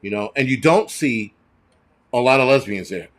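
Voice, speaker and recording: A man's voice: medium pitch, expressive, normal speed, a bit bright. A middle-aged man hosting a casual livestream, answering viewers in a blunt, profane, rambling way. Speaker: channel host.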